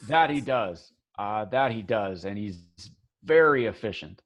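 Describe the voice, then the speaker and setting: A man's voice: lowish voice, expressive, measured pace. A man narrating a tabletop game as game master, rambling with many fillers and restarts, on a dull lo-fi recording.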